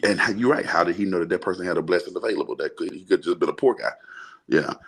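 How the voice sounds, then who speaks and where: A man's voice: sits low, fast, breathy edge. A man from Alabama, co-hosting a casual Bible chat and explaining things in a loose, thinking-aloud way, often checking in with "right?". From Birmingham, Alabama, US. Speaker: podcast co-host discussing the Bible.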